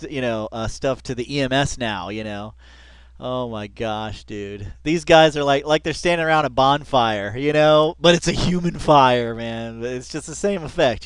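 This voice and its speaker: A man's voice: medium pitch, smooth, no room sound. Man, casual reaction commentary, laid-back, laughs a lot, dry close sound. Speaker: reaction video host.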